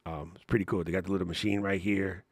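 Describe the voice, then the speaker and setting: A man's voice: deep voice, fairly even intonation, quick pace, dry recording. A man hosting a casual livestream Q&A, telling stories in a laid-back, slangy way and laughing often. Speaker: host answering live chat questions.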